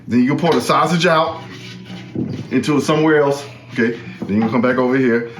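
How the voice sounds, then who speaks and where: A man's voice: medium pitch, moderate pace, echoey room. A man hosting, walking through a cooking demonstration in a casual, chatty way and often repeating himself. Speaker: host.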